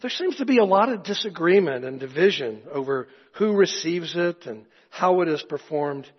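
Husky-voiced pastor preaching in an echoey hall. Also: male voice, a little high, animated, normal speed. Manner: conversational, anecdotal, chuckling asides. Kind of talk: sermon. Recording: echoey hall, dull lo-fi sound.

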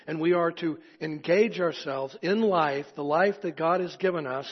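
Give me an earnest preacher in an echoey hall. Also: male voice, a little high, moderate pace, breathy edge. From East Tennessee. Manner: earnest preaching with folksy asides and rhetorical questions. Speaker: pastor. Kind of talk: sermon. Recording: echoey hall, dull lo-fi sound.

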